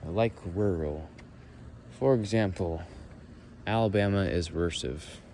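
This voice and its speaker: A young man musing and thinking out loud as he walks outdoors through leaves. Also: low-pitched, measured pace, a little hiss or hum. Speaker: vlogger. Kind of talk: rambling walk-and-talk monologue.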